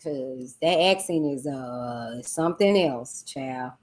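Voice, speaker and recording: A woman hosting a casual livestream, chatting with viewers and reading their comments aloud. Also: very deep voice. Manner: chatty, drawn-out exclamations, talks to viewers as "y'all" and "child". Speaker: livestream host.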